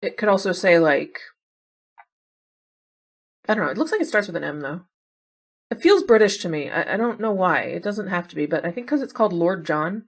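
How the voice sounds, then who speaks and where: A woman talks her way through guessing games, musing aloud in a relaxed, chatty way. Her voice sits on the lower side, and she drops in wry remarks about herself as she goes. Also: brisk, pauses often. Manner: chatty, wondering aloud, self-deprecating asides. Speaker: puzzle game streamer. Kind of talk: casual think-aloud commentary.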